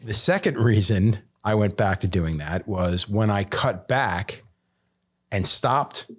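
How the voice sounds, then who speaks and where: Brief: lower-voiced male guest, profane, lively storyteller, casual podcast chat. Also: slow pace, slightly rough. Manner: swears a lot, animated when retelling others. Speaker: guest tattoo artist.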